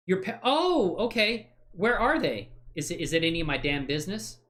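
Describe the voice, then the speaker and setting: A man hosting a software livestream, chatting casually and thinking aloud while he works, rambling and joking at his own expense with frequent laughs. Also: high-pitched, very animated, moderate pace. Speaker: livestream host.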